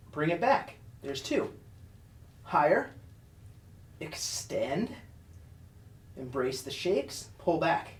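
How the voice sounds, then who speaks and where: Breathless guy calling out workout moves slow and encouraging, roomy echo. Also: high-pitched, a little mellow, far from the mic. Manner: encouraging, short spoken cues. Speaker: fitness instructor. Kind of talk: follow-along workout coaching.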